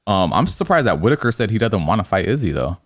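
Fast-talking deep-voiced man, casual sports chat. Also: no room sound, studio quality. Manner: swears a lot, excitable, says bro. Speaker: podcast co-host.

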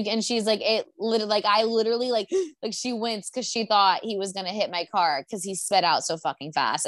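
A woman's voice: medium pitch, fairly bright tone, dry recording. A young woman telling a story in a casual chat at her apartment, rambling and swearing with lots of fillers.

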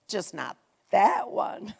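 A middle-aged woman delivers a personal testimony sermon in a relaxed, conversational way, pushing some phrases out loudly and dropping others almost to a hush. Her voice has a gravelly, creaky edge. The sound carries a long reverb, as from a large church hall. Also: mid-range voice, extremely slow. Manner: earnest, conversational, swings from loud emphasis to soft near-whispers. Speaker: church speaker.

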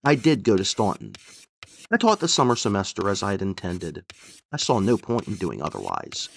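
Low, gravelly male storyteller. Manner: measured, expressive storytelling. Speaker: audiobook narrator. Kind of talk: first-person story narration.

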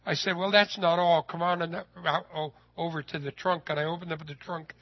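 Folksy high-voiced man preaching. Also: brisk, dull audio. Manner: folksy, animated, voice rises when excited. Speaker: preacher telling a personal story. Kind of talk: sermon storytelling.

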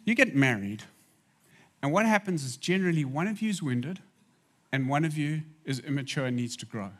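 A man's voice: mid-range voice, very animated, normal speed, long pauses, slightly rough. A man preaching a sermon in a conversational way, making asides to the audience.

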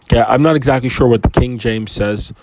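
A man's voice: mid-range voice, brisk, a little mellow, no room sound. Rambling, chatty man teaching the Bible. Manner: rambling, conversational, restarts and asides. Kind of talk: casual Bible commentary with scripture reading.

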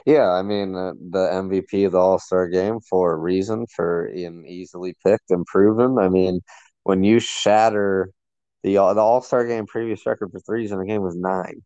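A man's voice: deep voice, fairly even intonation, moderate pace, warm tone, clean tone, no echo, lo-fi sound. A man co-hosting a sports podcast, talking enthusiastically and rambling with lots of fillers. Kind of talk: casual sports chat.

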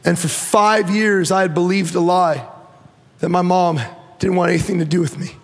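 A man giving an animated personal testimony to a church audience, acting out the voices in his story and often restarting sentences. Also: sits high, normal speed, long reverb tail. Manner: animated storytelling, acts out quotes, repeats and restarts. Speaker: guest speaker.

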